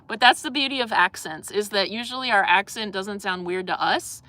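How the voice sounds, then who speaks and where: A woman's voice: mid-range voice, moderate pace, sharp tone. A young adult woman hosting a casual live stream, chatting in a rambling way with lots of fillers and reading out viewer comments.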